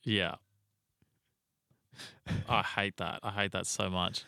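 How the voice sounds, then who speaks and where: A man's voice: low-pitched, fairly even intonation, slow, creaky, bright, forceful tone, clean tone, dry recording. Male podcast co-host, wisecracking and profane, very dry mic. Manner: joking, swears freely. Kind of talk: casual banter.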